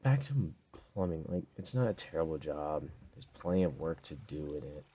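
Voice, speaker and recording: A tired young man rambling deadpan through casual gameplay commentary, with sudden loud outbursts. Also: extremely low pitch, moderate pace, a little hiss or hum.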